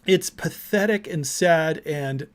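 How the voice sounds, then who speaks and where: A man's voice: a little high, slow. Indignant male political commentary host. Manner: emphatic, indignant, repeats words. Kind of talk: ranting commentary.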